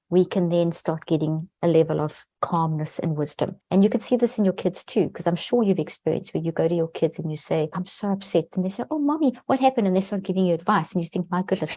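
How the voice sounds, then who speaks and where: A woman with a lowish, mellow voice talks as a podcast guest. She explains things earnestly and lands hard on the words that matter. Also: dry recording. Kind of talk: explaining in an interview.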